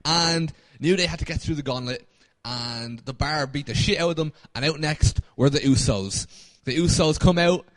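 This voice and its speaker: A man's voice: on the high side, normal speed, hardly any pauses. A man co-hosting a podcast, telling a rambling story in casual chat, laughing at it and swearing freely. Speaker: podcast co-host.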